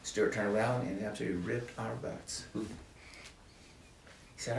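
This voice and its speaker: Older guy preaching to a small group, low-ish voice, echoey room, sounds far from the mic. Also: fairly even intonation, moderate pace, vocal fry, a little hiss or hum. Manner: earnest, preacherly emphasis with repeated phrases. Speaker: ministry speaker. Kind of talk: testimony talk to a small group.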